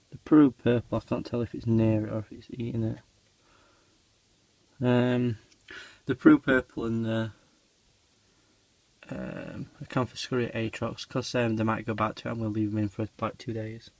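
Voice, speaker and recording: A tarantula keeper casually narrates a feeding vlog in a medium-pitched, slightly mellow voice. He rambles along with many ums, dropping his voice when he gets near the animals.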